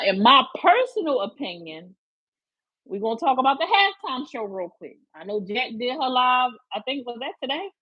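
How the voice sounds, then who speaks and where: High husky woman, live-stream chat. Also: no room sound, highs cut off. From Philadelphia. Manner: chatty, greets viewers by name, emphatic slang.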